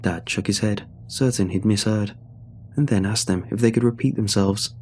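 A man narrating a true horror story in a measured, suspenseful way. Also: fairly low pitch, darkish tone, slight background noise.

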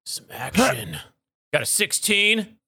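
A man player with a bright, forward voice that moves a lot in pitch, in a dry room. He is laid-back and slangy. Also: very animated, slow pace, husky, no echo. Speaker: tabletop game player.

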